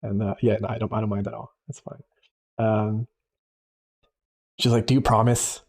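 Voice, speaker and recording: A livestream host talks loosely while he draws, circling back on himself with fillers and restarts. His voice sits a little low, dark and relaxed, with a husky edge. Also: normal speed. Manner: rambling storytelling with many fillers and restarts. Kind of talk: casual chat while drawing.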